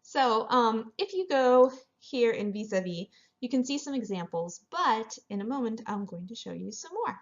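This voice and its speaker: Brief: woman, French teacher, higher voice, dull lo-fi recording, step-by-step lecture tone. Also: lively intonation, normal speed, hardly any pauses. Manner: explains step by step, mixing in French phrases. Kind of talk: classroom lecture over slides.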